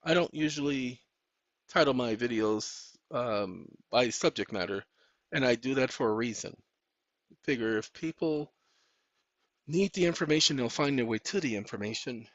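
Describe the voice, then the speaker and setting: Tired man in a lively, rambling talk. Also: medium pitch, normal speed, no echo. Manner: weary, drawling, rambling. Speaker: YouTube channel host. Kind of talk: casual monologue. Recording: dull dry recording.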